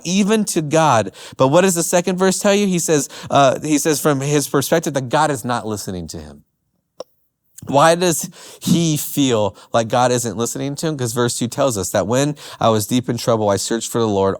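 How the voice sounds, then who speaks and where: Earnest man preaching a youth sermon. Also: medium pitch. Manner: earnest, emphatic, acts out the psalmist's cries. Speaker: youth pastor.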